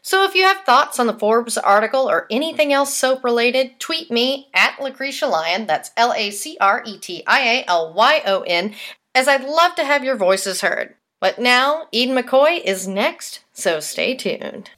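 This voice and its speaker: A woman's voice: a little high, lively intonation, a little slow, a bit bright. A woman hosting a soap opera podcast, chatting casually and reading out fan tweets with playful asides.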